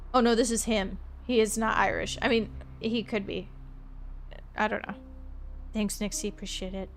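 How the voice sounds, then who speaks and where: A playful woman from Florida talks her way through a detective game and chats directly with her viewers. Her voice sits a little high, with soft music running faintly behind her. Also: little pitch movement, moderate pace. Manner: chatty, playful, talks to chat. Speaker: streamer. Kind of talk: let's play commentary.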